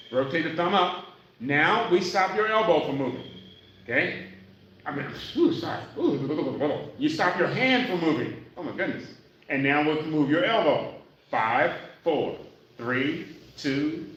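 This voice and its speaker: A man's voice: mid-range voice, a bit bright, muffled recording, a little hiss or hum. A man leading a live exercise class for seniors, counting reps, demonstrating moves and checking in with "okay?" as he explains. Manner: demonstrating moves while talking, energy rises when explaining. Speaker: senior fitness instructor. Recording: very echoey room, voice from far off.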